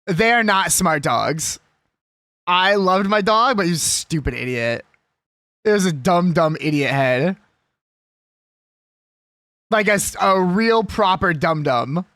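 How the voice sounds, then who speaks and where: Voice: mid-range voice, animated, slow pace, pauses often, fairly bright tone, no echo, clean studio sound. A young adult live streamer chatting casually and with strong opinions while reading a list aloud.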